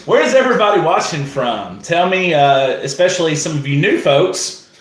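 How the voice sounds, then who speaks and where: Casual guy, slightly higher voice, live-stream host chatting in an echoey room. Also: very animated, moderate pace. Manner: laid-back, chatty, greets viewers by name.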